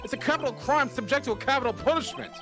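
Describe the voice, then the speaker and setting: A blustering old judge, as a woman puts him on, emphatic and exclaiming, in a high voice that leaps up and down. Faint game music sits behind. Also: lively intonation, very fast. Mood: stern. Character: flustered, stern old male judge. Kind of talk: fan voice acting of a game.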